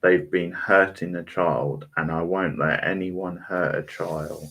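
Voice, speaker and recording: A man's voice: low-pitched, fairly even intonation, slow pace, gravelly, fairly bright tone, exaggerated voice. A man reading the lines of a terrified young woman trapped in a haunted house, in a desperate, emphatic voice. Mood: frightened, desperate.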